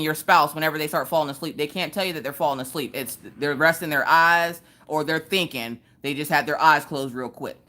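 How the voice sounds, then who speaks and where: A woman with a Southern US accent, hosting a casual live stream and chatting loudly with viewers, jumping to high squeals when she greets them.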